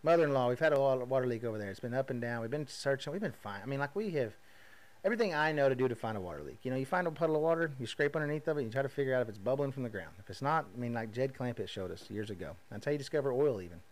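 A man's voice: medium pitch, very fast. Folksy rodeo man telling stories. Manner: folksy, energetic storytelling with frequent asides. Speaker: podcast host. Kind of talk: casual monologue.

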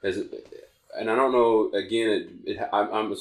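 Deep-voiced man rambling in an echoey room. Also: steady tone, normal speed. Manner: rambling, self-correcting storyteller. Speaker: podcast co-host. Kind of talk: casual podcast chat.

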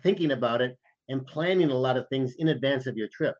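A man's voice: mid-range voice, brisk, darkish tone, muffled recording. A man co-hosting a podcast, telling anecdotes casually and animatedly, acting out the other people's voices. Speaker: podcast co-host. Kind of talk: casual storytelling chat.

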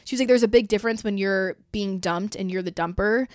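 A woman's voice: mid-range voice, brisk, darkish tone, no room sound, studio quality. A young woman in her twenties hosting a podcast, talking casually in a blunt, profane, chatty way. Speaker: podcast host. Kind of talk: casual chat.

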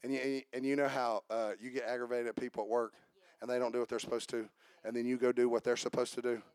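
A man preaching a sermon as pastor, joking with the congregation and building to shouted passages. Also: mid-range voice, flat delivery, quick pace, clear, resonant tone, no room sound.

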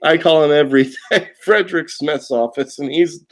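Man, high pitch, profane comedic rant, indignant, loud. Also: moderate pace. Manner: loud, cursing, indignant, laughing at his own lines.

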